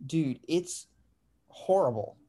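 This twenty-something podcast host has a fairly high, dark-toned voice and speaks slowly but animatedly. He's a laid-back storyteller whose casual chat is full of "dude" and "like."

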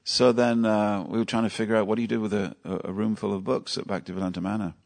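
Man, devotional class, storytelling, gravelly voice. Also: lowish voice, level tone, fast, a little mellow. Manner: storytelling, conversational, asks the audience questions. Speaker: temple lecturer.

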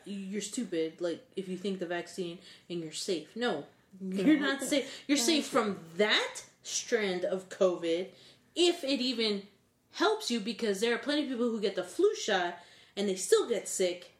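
A woman's voice: medium pitch, expressive, measured pace. Blunt woman podcaster in a roomy space. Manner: exasperated, laughing, blunt. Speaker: podcast co-host. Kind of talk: casual podcast chat. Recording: roomy echo.

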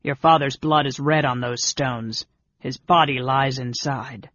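A man voicing a big, gruff older male warrior who speaks slowly with a growl. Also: mid-range voice, steady tone, pushed and bright, highs cut off. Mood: stern. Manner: growling, slow and heavy.

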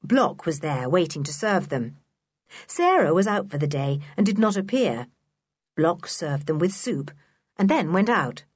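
A woman narrating a children's storybook in an expressive, clear reading voice. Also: on the low side, unhurried, dry recording, studio quality. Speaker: audiobook narrator.

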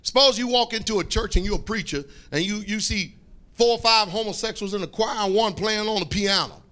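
A man preaching a fiery sermon, repeating phrases, calling for responses and breaking into shouts. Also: high voice, fairly quick.

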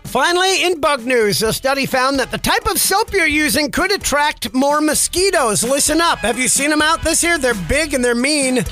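A man's voice: very high voice, lively intonation, normal speed, few pauses, bright, forceful tone. A man hosting a radio-style podcast, reading out news items and adding wry, sarcastic asides. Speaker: podcast host. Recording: music bed under the voice.

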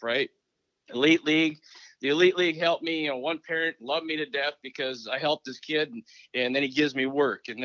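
In a relaxed interview, this man, once a hockey coach in Minnesota, spins stories with lively energy, performing old conversations as he recalls them. His voice runs a little high over a dull, dry lo-fi recording.

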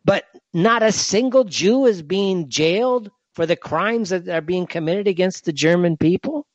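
A man hosts a solo commentary show and rants indignantly, firing off one rhetorical question after another. His voice sits fairly high and swings a lot in pitch. The recording is dry and dull, with a lo-fi sound. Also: lively intonation, unhurried, no echo. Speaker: show host.

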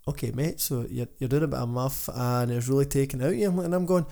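A man's voice: medium pitch, quick pace, creaky, mellow. A Scottish man co-hosting a podcast, telling stories in casual chat and laughing his way through them. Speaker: podcast co-host, gym owner.

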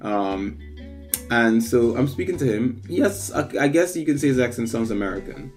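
A man's voice: mid-range voice, lively intonation, normal speed, faint music behind. A man casually telling a long personal anecdote, full of fillers, acting out what others said. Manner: rambling anecdote with many fillers, acts out quoted voices. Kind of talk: casual storytelling chat.

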